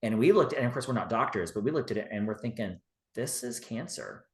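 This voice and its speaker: A man speaking as a podcast guest in relaxed, rambling conversation, full of "you know" fillers. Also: lowish voice, rapid-fire. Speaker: guest, witchcraft teacher. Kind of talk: casual interview talk. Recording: roomy echo.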